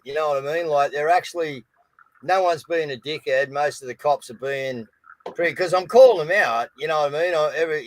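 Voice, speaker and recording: A man's voice: on the high side, no echo, rough recording. An Australian man co-hosting a live news stream, talking casually and blokey, often calling his viewers guys.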